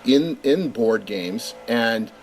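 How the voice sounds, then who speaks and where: A man's voice: medium pitch, lively intonation, extremely slow. A middle-aged Californian man talks eagerly about making games, often repeating words as he starts his sentences. A faint hiss sits behind his voice. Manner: enthusiastic, with stammered repeats. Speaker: game designer guest. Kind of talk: casual interview chat.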